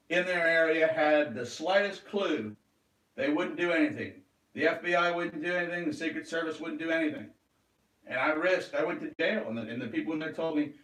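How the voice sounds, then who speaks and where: A man talking in an agitated, rambling monologue, swearing and flaring into loud outbursts. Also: on the high side, distant mic. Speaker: vlogger. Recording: roomy echo, away from the mic.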